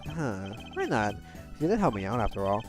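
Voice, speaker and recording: A woman's voice: rumbling low, very animated, moderate pace, soft background music, pitched below the performer's own voice. A woman voicing a flustered young male defense attorney. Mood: thoughtful.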